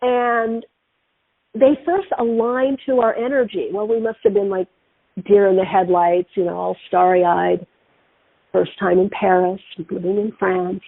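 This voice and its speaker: A middle-aged woman hosting a spiritual radio talk show, telling stories in an animated way. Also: medium pitch, measured pace, creaky, no echo. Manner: animated, acts out quoted voices. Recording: tinny phone-line sound, dry.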